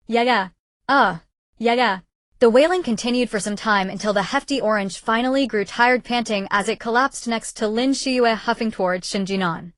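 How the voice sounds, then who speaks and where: A woman narrating a novel in an audiobook, in an even, steady storytelling manner. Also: medium pitch, dry recording.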